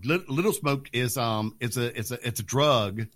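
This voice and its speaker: A man's voice: mid-range voice, normal speed, fairly bright tone. A man reading out quiz items on a podcast over a voice call, stumbling over words and laughing. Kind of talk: casual group chat over a voice call.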